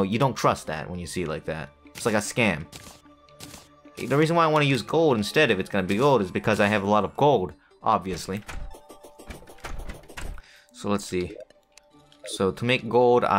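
A man's voice: on the low side, fairly bright tone. Male gamer, rambling self-talk with jokey asides, faint game music underneath. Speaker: gaming video creator. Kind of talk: casual gameplay commentary.

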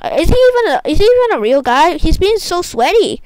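Excitable high-voiced young woman gamer. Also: brisk, dry recording, poor audio. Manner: excitable, repetitive, exclaiming. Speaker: gaming YouTuber. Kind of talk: live gameplay commentary.

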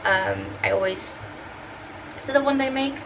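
A woman's voice: mid-range voice, moderate pace, vocal fry. A young woman hosting her sewing channel, chatting casually to camera in her attic workshop, rambling with lots of fillers and self-corrections. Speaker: sewing and costume channel host. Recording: distant mic with air conditioner hum. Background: air conditioner running.

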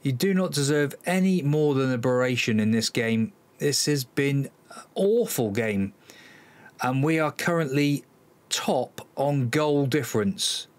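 His voice is medium-pitched and a little slow. Hosting a football management let's-play, the Cornishman from England reacts live to the match, exasperated and sighing as he talks to his players.

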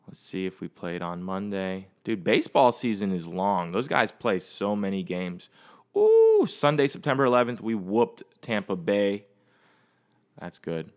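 This lowish-voiced man, host of his own podcast, talks by himself in a relaxed, meandering manner, swearing freely. His tone is clean.

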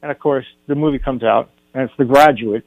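A man's voice: mid-range voice, brisk, vocal fry, phone-quality sound. An older man, a guest film director, telling a story on a radio talk show and acting out the dialogue.

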